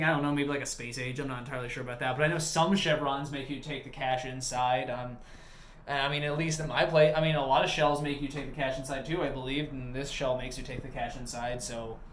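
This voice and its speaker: A man's voice: fairly high pitch, a bit bright, echoey room. A man working as a gas station attendant, talking casually in a vlog, rambling with lots of "like" and swearing freely.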